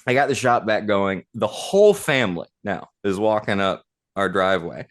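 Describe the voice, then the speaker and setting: A man's voice: fairly low pitch, expressive, moderate pace. A man co-hosting a podcast, telling a long anecdote in a casual, rambling way with lots of fillers. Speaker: podcast co-host. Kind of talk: casual storytelling chat.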